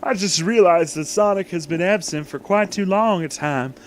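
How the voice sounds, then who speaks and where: Man doing a squeaky, frantic crocodile, loud and high for a storybook read. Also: moderate pace, slight background noise, lightly acted. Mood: worried. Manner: shrill, frantic. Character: panicky high-voiced male crocodile.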